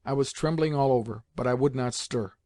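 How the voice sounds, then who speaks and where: A man's voice: mid-range voice, no echo. Man narrating an audiobook, dry and close. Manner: measured, even storytelling. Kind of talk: scripted narration.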